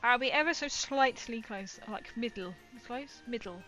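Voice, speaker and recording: Chatty woman with a bright voice. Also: fairly high pitch, normal speed, faint music behind. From England. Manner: rambling, chatty, laughs often. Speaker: livestream host. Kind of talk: casual chat with viewers.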